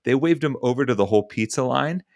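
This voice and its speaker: A young adult man co-hosting a podcast, telling a lively story and acting out the voices of the people in it. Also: mid-range voice, quick pace, gravelly, dry recording, clean studio sound. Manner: lively anecdote teller who acts out quoted voices. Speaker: podcast co-host. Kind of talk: animated storytelling in casual chat.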